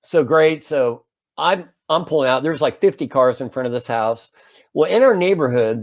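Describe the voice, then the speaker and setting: A man in his fifties casually telling a long anecdote as a podcast co-host, animated and full of restarts. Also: mid-range voice. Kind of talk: casual storytelling chat.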